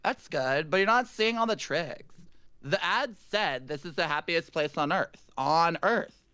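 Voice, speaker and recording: A streamer voicing an unamused young Valley girl in a comic read-aloud, flat and bored. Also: medium pitch, measured pace, clear, resonant tone, no room sound. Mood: deadpan.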